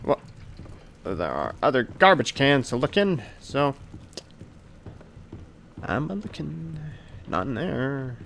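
A man's voice: mid-range voice, sing-song, slow, vocal fry, long pauses, fairly bright tone, a little hiss or hum. A man playing a video game and commenting, rambling and talking to himself playfully. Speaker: gaming video creator. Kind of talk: let's play commentary.

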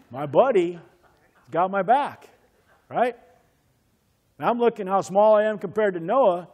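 A man pastor preaching a sermon, telling a childhood story and acting out the voices in it, then leading a prayer. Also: a little mellow. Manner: storytelling, acts out voices with pitch swings. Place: church.

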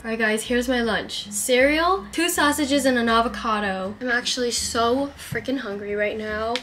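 A young woman chatting casually in a vlog, her voice congested, nasal and raspy after losing it. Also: fairly high pitch, moderate pace, fairly bright tone. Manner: chatty, candid and playful. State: has lost her voice. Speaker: vlogger. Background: music.

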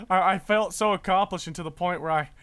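A man's voice: sits high, normal speed, fairly bright tone, smooth, dry recording. A man in his twenties, a streamer and voice actor, chatting casually during a live-streamed game, stammering and restarting his sentences.

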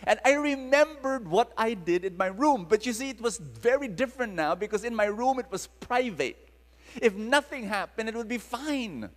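A man's voice: extremely high pitch, normal speed. A man with a Filipino accent preaching to a live audience, telling stories dramatically and calling on the crowd to respond. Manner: animated, dramatic storyteller engaging the crowd. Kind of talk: storytelling sermon to a live audience. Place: large hall with long reverb. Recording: live talk in reverberant hall.

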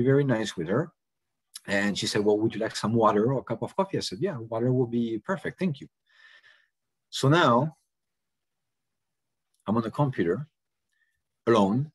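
A man's voice: on the low side, slightly rough, no room sound, rough recording. A man presenting a cybersecurity lesson, telling a story casually with many fillers and acting out the dialogue. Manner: casual, frequent "you know" fillers, acts out dialogue. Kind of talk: anecdotal lecture storytelling.

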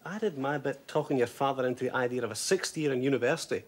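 Low husky woman, scottish accent, kindly earnest teacher. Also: quick pace. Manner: earnest, encouraging.

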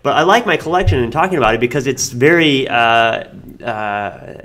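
A man's voice: mid-range voice, animated, moderate pace, a bit bright. A man co-hosting a comedy show, chatting casually and rambling with lots of hesitation and filler words. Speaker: co-host.

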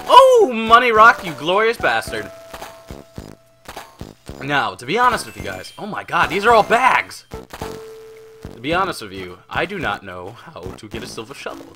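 Male let's-play host, playful rambling, animated delivery, game music under. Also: medium pitch. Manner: rambling, playful, swears and laughs often. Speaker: gaming channel host. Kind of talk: casual let's-play commentary. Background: video game music.

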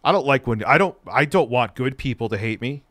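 A man's voice: medium pitch, lively intonation, brisk, no echo, clean studio sound. Angry, profane man ranting on a livestream. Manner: profane, angry, shouting at times. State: stoned. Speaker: livestream host. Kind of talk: heated livestream rant.

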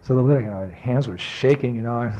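A man giving a devotional lecture, telling a personal story with animation and acting out remembered exchanges, slowing and softening on reflective points. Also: mid-range voice, very noisy. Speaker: spiritual teacher giving a talk.

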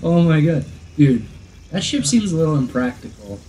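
Excitable let's play sidekick, crude banter, slightly high and animated. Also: male voice, normal speed, a little hiss or hum, rough recording. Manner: excitable, swearing, laughing banter. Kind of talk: casual gaming commentary.

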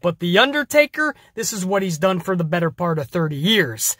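Podcast host, high voice, dry sound, excitable and swears freely. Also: male voice, normal speed, dry recording. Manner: energetic, profane storytelling. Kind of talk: casual wrestling show review.

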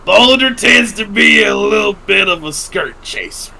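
A man's voice: high-pitched, huge pitch swings, a little slow, creaky, bright, forceful tone, rough recording. A man hosting a podcast, telling a profane story in a casual chat and laughing often. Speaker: podcast host.

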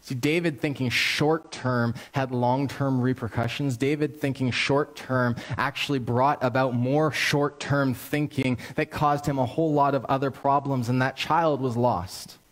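A male pastor preaching a sermon, telling a story in an animated, conversational and earnest way. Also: medium pitch, unhurried, few pauses.

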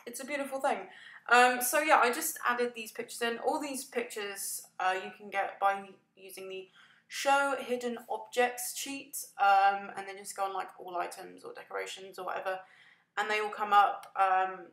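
A woman's voice: medium pitch, moderate pace, fairly bright tone. A woman chatting through a casual voice-over, rambling and self-deprecating, laughing and yawning often. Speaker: gaming video creator narrating a build. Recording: echoey room.

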